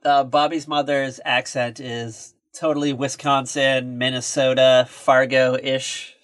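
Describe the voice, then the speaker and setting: A man's voice: mid-range voice, flat delivery, takes it slowly, a bit bright. A man co-hosting a podcast in casual chat, rambling and joking with plenty of profanity. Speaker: podcast co-host.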